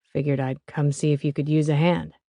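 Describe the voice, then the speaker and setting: A woman voicing a deep-voiced young man who speaks calmly and matter-of-factly. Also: brisk, no echo.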